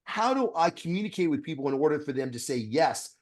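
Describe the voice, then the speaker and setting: A man who is a dentist, a guest on a podcast interview, talking bluntly with profanity and animated storytelling. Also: a little high, fast.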